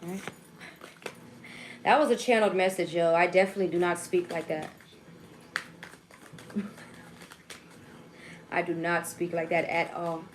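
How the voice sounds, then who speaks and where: A woman's voice: fairly low pitch, steady tone, normal speed, long pauses, slight background noise. A young woman giving a casual tarot reading to her viewers. She jokes, swears, laughs at herself and keeps checking in with "okay?" and "right?". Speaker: tarot reader.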